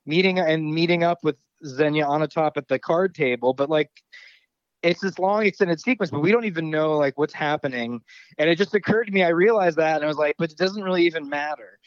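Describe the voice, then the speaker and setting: A man's voice: a little high, dry recording, muffled recording. A man co-hosting a podcast, chatting casually about a film, rambling, laughing easily and swearing now and then. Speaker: podcast co-host. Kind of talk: casual chat.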